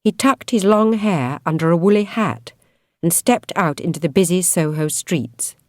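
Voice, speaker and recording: A woman reading a novel aloud as an audiobook narrator, in expressive, measured storytelling. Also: on the low side, no room sound, studio quality. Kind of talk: scripted narration.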